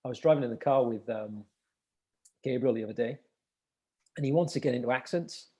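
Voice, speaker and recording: A man's voice: medium pitch, brisk, darkish tone, slightly rough. A man co-hosting a casual podcast chat, laid-back and matey. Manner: laid-back, says mate a lot. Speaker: podcast co-host.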